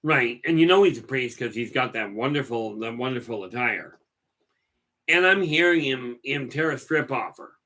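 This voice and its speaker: A man's voice: medium pitch, animated, moderate pace, bright, forceful tone. A middle-aged man hosting a livestream, telling stories in a folksy, rambling way and often repeating his words as he goes. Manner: folksy, digressive, repeats words while talking. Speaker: livestream host. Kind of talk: rambling casual storytelling.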